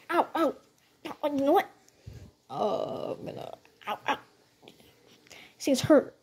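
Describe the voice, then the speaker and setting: Lady doing all the toy voices, really high voice, slow and bouncy, lots of pew pew noises. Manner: bouncy, excitable, frequent sound effects. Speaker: toy video creator voicing every character. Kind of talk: playful toy role-play.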